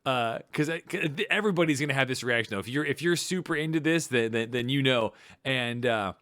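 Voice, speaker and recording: A man co-hosting a casual podcast chat, rambling with many restarts and bursts of excitement. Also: medium pitch, brisk, no room sound, clean studio sound. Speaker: podcast co-host.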